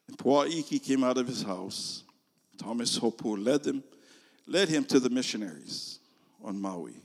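A man telling a story as a sermon, animated, swinging from loud to hushed. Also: mid-range voice, measured pace, gravelly, long reverb tail. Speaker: preacher.

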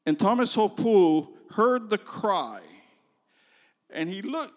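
A man telling a story as a sermon, animated, swinging from loud to hushed. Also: high voice, takes it slowly, big-room sound. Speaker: preacher.

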